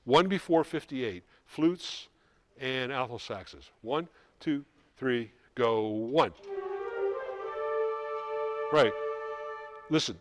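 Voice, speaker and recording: A man coaching a high school band in rehearsal, giving quick instructions and singing rhythms to show how they go. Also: expressive. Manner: brisk, sings rhythms to demonstrate. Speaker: band clinician. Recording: music in the background. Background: band playing.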